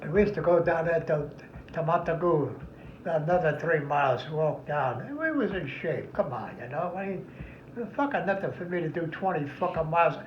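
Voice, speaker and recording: A man's voice: a little high, lively intonation, a little fast, slight background noise. An older man, a veteran, recounting his memories in a rambling, heavily profane oral history interview. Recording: echoey, somewhat muffled room recording.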